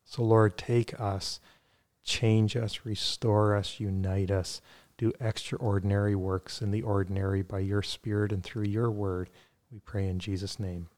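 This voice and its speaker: A man's voice: lowish voice, flat delivery, a little slow, darkish tone. A man talking earnestly on a faith podcast, with many fillers and restarts, then leading a prayer.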